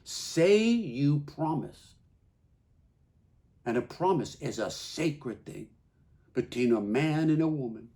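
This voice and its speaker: A man performing a theatrical monologue as a plain-spoken husband, folksy and halting, with many repeats. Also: medium pitch, dark tone. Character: Carl, plain-spoken middle-aged husband.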